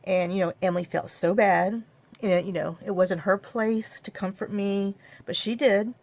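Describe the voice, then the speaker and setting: A middle-aged woman telling a personal story to camera, halting and full of fillers. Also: medium pitch, steady tone, a little mellow. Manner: halting, many fillers and repeated "I said". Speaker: craft vlogger.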